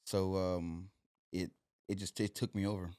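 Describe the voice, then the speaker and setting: A man's voice: sits low, little pitch movement, unhurried, mellow, smooth, no room sound, studio quality. A young man, a podcast guest telling his story loosely, with lots of "like" and "you know". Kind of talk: casual storytelling.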